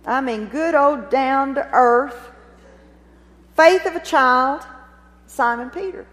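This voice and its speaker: A woman preaching a sermon, retelling a scene with expressive, dramatic storytelling and rhetorical questions. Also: sits high, drawn-out words. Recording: long reverb of a large hall.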